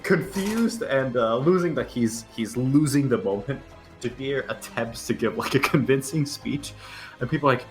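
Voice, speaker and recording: A man's voice: medium pitch, moderate pace, soft background music. A man playing a tabletop game, hesitant and laughing, with many fillers. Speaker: player.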